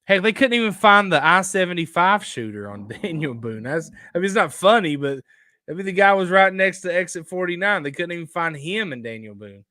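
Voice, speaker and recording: A man hosting a casual outdoors live stream, rambling and excitable as he reacts to viewer photos. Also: high voice, brisk, dry recording, studio quality. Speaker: outdoors show host.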